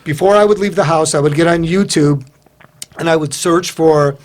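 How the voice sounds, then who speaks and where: Male guest, higher-pitched, a lively storyteller who restarts his sentences. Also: normal speed. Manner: animated, acts out dialogue while recounting events; rambling, with frequent restarts. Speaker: guest, founder of a motivational group. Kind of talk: conversational storytelling on a radio interview.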